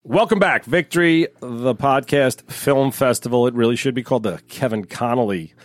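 A man's voice: mid-range voice, moderate pace, no echo. Middle-aged man, fifties, from New York, storytelling podcast co-host, mid-range voice, dry room. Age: 50s. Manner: chatty, joking, storytelling. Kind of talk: casual chat.

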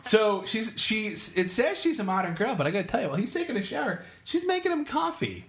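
A man's voice: high voice, big pitch swings, brisk. A man from the United States co-hosting a podcast, steering the chat with sarcastic remarks. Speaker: podcast co-host. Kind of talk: casual chat.

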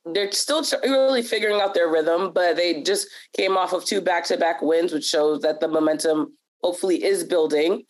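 A woman hosting a sports podcast, her voice a little raspy and hoarse as she leads the chat in a relaxed, upbeat way. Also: lowish voice, moderate pace, hardly any pauses. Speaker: podcast host.

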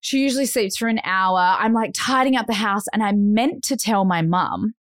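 A woman's voice: mid-range voice, moderate pace, dry recording, studio quality. An Australian woman in her thirties, a podcast co-host telling a story in casual chat. She talks animatedly, acts out other people's voices and says "like" a lot.

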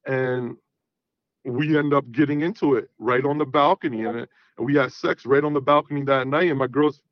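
A man's voice: mid-range voice, normal speed, no room sound. A man telling a story casually on a podcast, swearing freely and acting out the dialogue. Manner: profane, animated, acts out quoted dialogue. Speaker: podcast guest. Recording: dull, dry sound.

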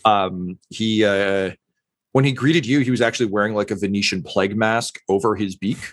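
A man's voice: lowish voice, fairly even intonation, moderate pace, dry recording. A man narrating a tabletop game as game master, hesitant with many "um" and "uh" fillers.

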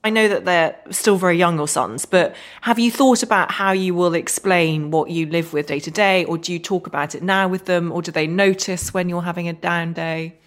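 A woman's voice: on the low side, fairly even intonation, moderate pace, few pauses. A woman hosting a podcast interview, asking reflective and encouraging questions. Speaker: podcast host. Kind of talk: interview conversation.

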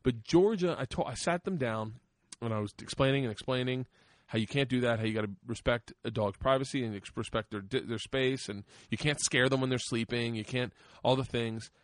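A man's voice: mid-range voice, brisk, no echo, studio quality. Profane laughing storyteller man. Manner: profane, laughing storyteller who acts out quotes. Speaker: podcast host. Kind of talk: casual podcast chat.

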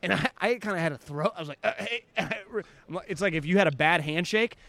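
A man's voice: sits high, quick pace, vocal fry. A man co-hosting a sports podcast, telling anecdotes in casual chat and acting out what people said. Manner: animated storyteller, acts out quotes. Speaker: podcast co-host.

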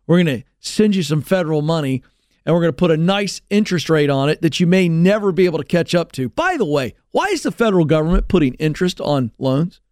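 A man's voice: animated, quick pace, darkish tone, no echo, studio quality. Sarcastic, ranting male radio host. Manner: sarcastic and ranting, big swings in pitch. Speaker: talk show host. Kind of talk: sarcastic opinion monologue. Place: radio studio.

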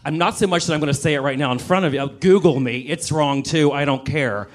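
A man's voice: fairly high pitch, a little fast. Sassy campy man in his fifties. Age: 50s. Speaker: comedian and writer. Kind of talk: stand-up storytelling rant. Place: comedy club stage.

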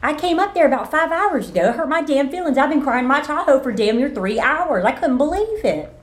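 A woman's voice: high voice, sing-song, brisk, a little hiss or hum. A woman making a prank phone call, giggly and crude, often breaking into laughter. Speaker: prank caller.

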